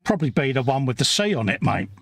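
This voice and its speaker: Gravelly middle-aged man, laid-back. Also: medium pitch, big pitch swings, fast, a bit bright. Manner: laid-back, matter-of-fact banter. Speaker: co-host of a live stream. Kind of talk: casual chat, reading viewer comments.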